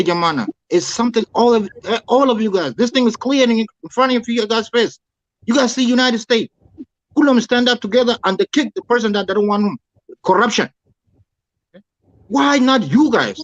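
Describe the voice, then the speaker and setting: A man's voice: sits high, a bit bright, no room sound, highs cut off. A man calling in to a talk show, speaking in a heated, preachy, repetitive way. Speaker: caller. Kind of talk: impassioned call-in rant.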